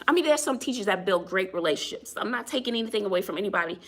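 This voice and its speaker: A woman's voice: medium pitch, animated, fast talker, a bit bright. A woman who is a teacher, chatting casually to viewers on a phone livestream, laughing often and greeting people as she tells a story.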